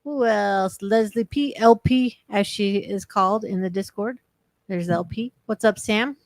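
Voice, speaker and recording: A woman's voice: medium pitch, unhurried, no room sound, clean studio sound. A woman co-hosting a recovery livestream in casual chat, greeting viewers by name and talking around a sore tongue. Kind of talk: casual live-stream chat.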